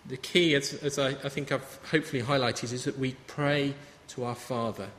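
A man's voice: mid-range voice, steady tone, normal speed, a bit bright, slight background noise. Man preaching in an echoey hall. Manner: conversational, anecdotal preaching. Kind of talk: sermon. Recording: reverberant hall with faint ambience.

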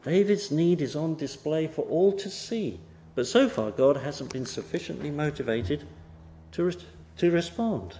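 A man preaching an expository sermon, emphatic, pushing stressed words up and letting phrase endings fall soft. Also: fairly high pitch, lively intonation, measured pace, slight background noise.

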